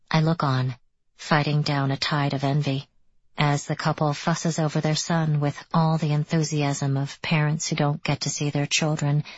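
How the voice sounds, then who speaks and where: Female audiobook narrator, low husky voice, measured storytelling, dull dry recording. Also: no room sound. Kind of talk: first-person scripted audiobook narration.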